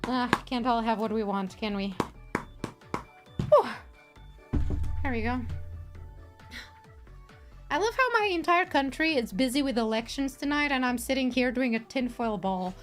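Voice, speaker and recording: A woman's voice: a little high, lively intonation, a little slow, pauses often, soft background music. A woman streamer chatting casually while crafting on a livestream, giggly, rambling and playful.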